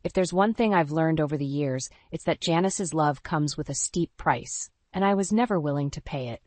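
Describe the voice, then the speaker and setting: A woman narrating a scripted first-person story in a dramatic, even storytelling voice. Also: sits low, normal speed, no room sound.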